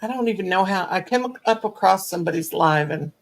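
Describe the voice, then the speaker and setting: An older woman hosts a crochet livestream, her voice gravelly with a creaky edge. She rambles through stories, doubling back and adding asides as she chats. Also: lowish voice, fairly quick. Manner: rambling storyteller, full of restarts and asides. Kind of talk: casual livestream chat.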